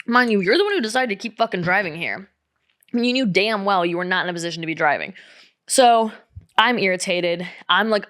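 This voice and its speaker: A woman's voice: fairly low pitch, a bit bright, no echo, studio quality. A young woman telling a personal story in casual, candid talk, swearing freely and acting out what others said. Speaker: vlogger.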